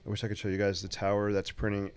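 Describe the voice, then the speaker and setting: A man with a lowish, monotone, clean-toned voice talks fast and chats casually with viewers while sketching on a live stream. He's upbeat and talkative in his home art studio, where a running 3D printer leaves faint machine noise in the background.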